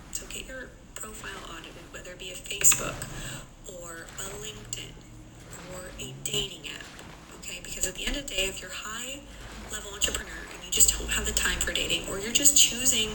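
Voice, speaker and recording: Woman, dating coach, live-stream chat; chatty storyteller, echoey room, loud background noise. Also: mid-range voice. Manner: chatty, acts out dialogue in anecdotes.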